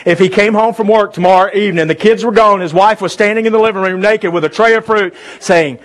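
A pastor delivers a sermon to his congregation in church, talking conversationally and asking them questions. He talks fast, and his voice sits high.

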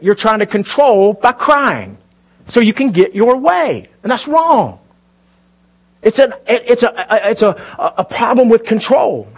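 A man's voice: high voice, gravelly, slightly rough. A man preaching a sermon to a congregation in a church, talking conversationally and asking them questions. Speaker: pastor. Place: church before a live congregation.

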